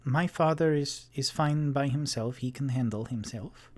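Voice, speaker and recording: A man's voice: mid-range voice, unhurried, a little mellow, lightly acted. A man voicing a young female wererat who speaks in a stiff, formal, guarded way.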